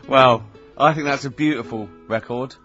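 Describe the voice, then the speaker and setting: A man's voice: mid-range voice, slow, pushed and bright, soft background music. A man hosting a radio show, telling rambling stories full of ums and bursts of laughter. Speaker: radio host. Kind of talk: casual radio banter. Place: radio studio. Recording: lo-fi radio recording.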